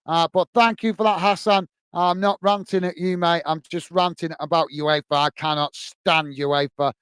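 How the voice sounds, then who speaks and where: A man's voice: on the high side, fairly even intonation, normal speed, a bit bright, clean tone, dry recording. A man hosting a live football watch-along stream. He rants passionately and chats with viewers, calling them mate, between bits of match commentary. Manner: passionate, ranting, chatty, addresses viewers as mate.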